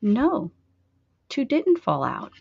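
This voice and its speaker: A woman chats her way through a craft project on a livestream, playful and talking straight to her viewers. Her voice sits fairly high and bounces lively up and down, with an unhurried, drawn-out delivery. The audio is dull and lo-fi. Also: creaky, husky. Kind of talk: casual live crafting chat.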